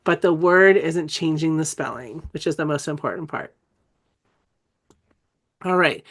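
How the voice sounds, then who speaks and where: A woman's voice: low voice, a little slow. A middle-aged woman leads a live webinar on spelling, talking in a chatty, unscripted way. She often stops to correct herself and laughs at her own slips. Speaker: dyslexia educator.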